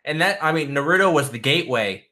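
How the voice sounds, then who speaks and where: A man's voice: a little high, lively intonation, fast, pushed and bright. A man in casual chat, retelling an anime scene in a rambling, enthusiastic way with lots of fillers.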